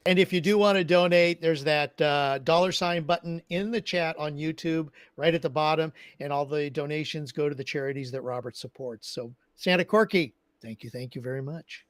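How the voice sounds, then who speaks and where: A man's voice: a little high, moderate pace, few pauses, no echo. A man co-hosting a livestream, who makes friendly announcements about donations. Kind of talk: casual livestream chat.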